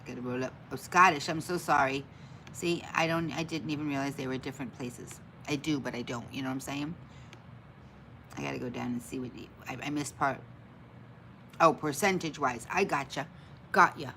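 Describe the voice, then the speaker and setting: A woman's voice: rumbling low, fairly quick, pushed and bright, slight background noise, poor audio. A woman hosting a casual live stream, chatting with viewers and greeting them by name, often laughing at her own forgetfulness. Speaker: livestream host.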